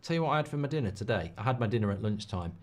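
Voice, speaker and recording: A man's voice: on the low side, lively intonation, very fast. A man hosting a live football watchalong, chatting casually and reading out viewer messages between comments on the match. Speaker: football livestream host.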